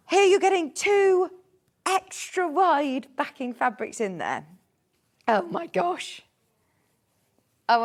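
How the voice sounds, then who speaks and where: A bubbly woman selling fabrics on live shopping TV, her voice fairly high and bouncing lively up and down. She talks chattily to viewers and laughs easily between prices. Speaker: shopping channel presenter. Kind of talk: live TV sales presentation.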